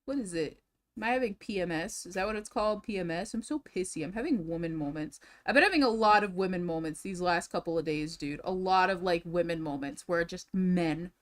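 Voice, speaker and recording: A young woman streamer with a lowish voice rants from a room at home while reacting to drama videos, talking fairly quickly with few pauses. She's casual, profane, and exasperated, repeating herself as she goes.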